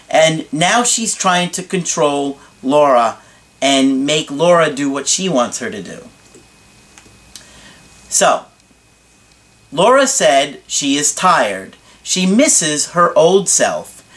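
A man's voice: fairly high pitch, fairly bright tone. A man who works as a relationship coach, reading a viewer's email aloud and commenting on it in a direct, frank way, asking pointed rhetorical questions.

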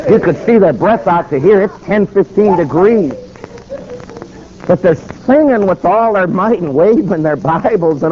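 High-voiced man telling a dramatic story. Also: animated. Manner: dramatic, acts out dialogue with quick voice shifts. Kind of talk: animated sermon storytelling. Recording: dull, slightly lo-fi with faint noise.

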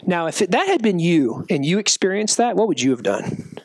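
Animated joking male youth pastor. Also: high voice, fast talker, hardly any pauses, no room sound. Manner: animated, joking, acts out quotes. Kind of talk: youth sermon.

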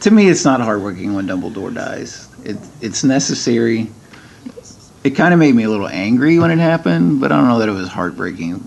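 A man's voice: medium pitch, very animated, a little fast, creaky, a little mellow, a little hiss or hum. A middle-aged man, a podcast guest, chatting casually and reading a book aloud, hesitant with many ums and restarts.

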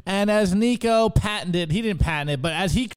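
A man co-hosting a show, running through memes in an excitable, slangy way and directing his co-host. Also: high-pitched, normal speed, clean tone. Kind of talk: casual show commentary.

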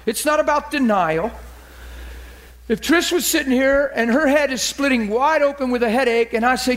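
A man preaching as a pastor, animated and acting out quoted voices in a lively sermon. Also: very high-pitched, moderate pace.

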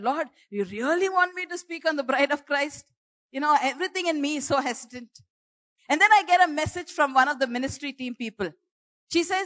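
Woman, sermon, high-pitched, impassioned, repetitive emphasis, drawn-out phrases. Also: a bit bright. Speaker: preacher.

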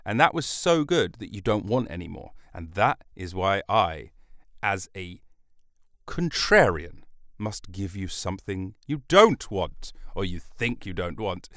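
Smooth low-voiced man, rambling. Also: very animated, unhurried, a bit bright, no echo, clean studio sound. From United Kingdom. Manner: rambling, jokey, self-interrupting asides. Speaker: podcast host. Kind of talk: solo podcast monologue. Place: recording studio.

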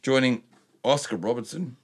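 A man co-hosting a podcast, talking in crude, rambling banter and reading sports news haltingly. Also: mid-range voice, breathy edge. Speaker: podcast co-host. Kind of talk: casual sweary podcast banter.

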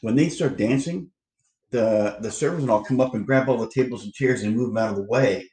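Low voiced guy talking fast about a movie, trips over his words, roomy echo. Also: a little mellow. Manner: fast, eager, repeats words when starting a point. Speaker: podcast co-host. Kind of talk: casual movie commentary chat.

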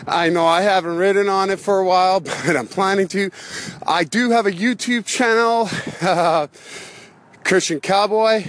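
Walking outside and a bit winded, a high-pitched pastor goes on a casual, rambling rant, losing track of his thoughts and laughing between phrases. A slight hiss or hum can be heard.

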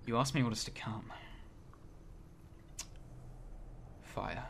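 A man voicing a cryptic male mystic in a tabletop game, speaking in slow, measured pronouncements. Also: medium pitch, vocal fry, noisy background, lightly acted. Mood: ominous.

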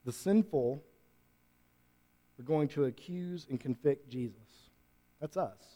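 High-voiced preaching man. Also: slow pace. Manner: dynamic, rising to loud emphatic preaching. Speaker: pastor. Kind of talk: sermon. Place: church room with congregation.

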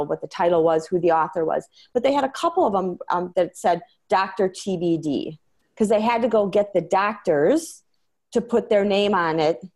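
Woman, interview guest, lowish voice, earnest, many fillers and restarts. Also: a little mellow. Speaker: interview guest, medication-transparency advocate. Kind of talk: conversational interview.

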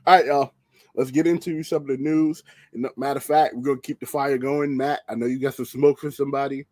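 A man's voice: mid-range voice, steady tone, a little fast, a little mellow, no echo. Upbeat man running the show's segues. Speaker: podcast co-host. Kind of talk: casual chat.

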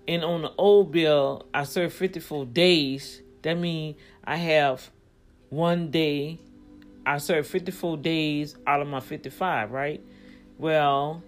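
A woman vlogger in casual commentary, rambling as she thinks things through aloud and speaking straight to her viewers, growing emphatic when riled up. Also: deep voice.

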